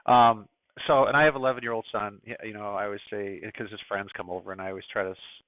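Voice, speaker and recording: A man's voice: lowish voice, steady tone, fast talker, no room sound. A middle-aged man from the United States giving a casual, opinionated presentation to a ham radio club, full of fillers and asides. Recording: dry, phone-like narrow sound.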